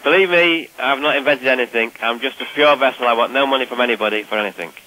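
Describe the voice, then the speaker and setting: An Irish man speaks as a radio guest, calm and modest, never taking offence. His talk runs quickly. A crackling, noisy phone line sits behind him. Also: medium pitch. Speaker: guest author. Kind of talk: call-in radio interview.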